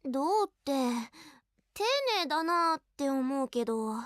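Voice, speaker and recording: A woman's voice: sits high, expressive, fairly quick, a bit bright, slight background noise. A woman voicing a blunt, matter-of-fact teenage girl in a video game, answering plainly. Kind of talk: Japanese game voice acting.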